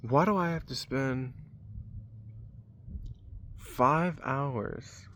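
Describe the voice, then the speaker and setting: A man's voice: mid-range voice, extremely slow, fairly bright tone, a little hiss or hum. A young man telling a rambling, frustrated story about his job, swearing often and acting out both sides of the conversation. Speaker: vlogger. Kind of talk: casual storytelling rant.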